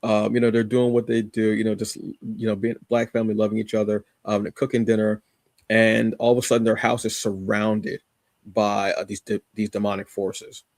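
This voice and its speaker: A man's voice: lowish voice, flat delivery, moderate pace, a little mellow, dry recording, studio quality. A man co-hosting a podcast, casually reviewing a comic with rambling enthusiasm, many fillers and restarts.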